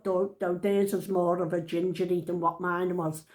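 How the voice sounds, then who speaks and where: A woman's voice: lowish voice, flat delivery, normal speed, darkish tone. An older woman with a Liverpool accent, telling a family story in a chatty, rambling, homely way. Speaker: vlogger. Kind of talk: casual storytelling.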